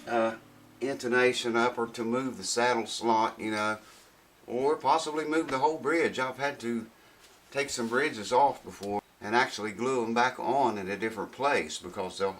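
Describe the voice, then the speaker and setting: A man of middle pitch talks in a loose, folksy ramble, thinking aloud and restarting his sentences as he goes through a box of parts. He sounds like he is in a home workshop, and faint clicks sit in the background. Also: fairly bright tone, slight background noise, rough recording. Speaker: guitar repair vlogger. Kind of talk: casual unboxing chat.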